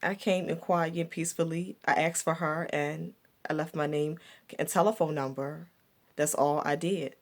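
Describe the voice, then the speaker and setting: A woman's voice: low voice, fairly even intonation, moderate pace. A woman vlogger telling a personal story from her past in a reflective, repetitive way, with stumbling restarts. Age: adult looking back on her younger years.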